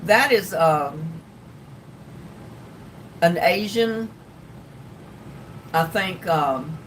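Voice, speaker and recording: An older woman with a North Carolina Southern drawl, chatting casually and rambling on her livestream as she answers viewers. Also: very slow. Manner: rambling, folksy, with frequent ums and laughs. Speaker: livestream host. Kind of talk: casual livestream chat reading comments. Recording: distant mic with faint rumble.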